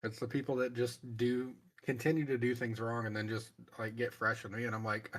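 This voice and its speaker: A man's voice: medium pitch, flat delivery, fairly quick. Blunt, foul-mouthed man on voice chat. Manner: blunt, swears freely, defensive. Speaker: fellow flight-sim controller on voice chat. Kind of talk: casual chat.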